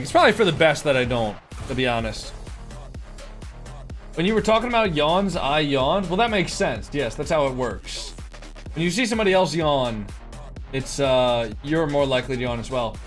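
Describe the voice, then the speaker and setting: A young male streamer, worn out and yawning, calls the action in a loose, sweary way and chats to his viewers between plays. His voice sits a little high for a man. Faint music plays underneath. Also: a bit bright. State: tired, yawning. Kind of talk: casual stream commentary.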